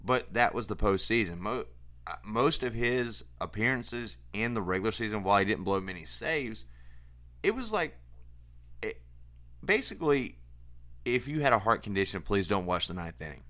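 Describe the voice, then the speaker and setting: A man with a low voice co-hosts a relaxed sports chat. He talks in an easygoing, hesitant way, pausing on fillers as he gathers his thoughts. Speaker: podcast co-host. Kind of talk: casual sports talk.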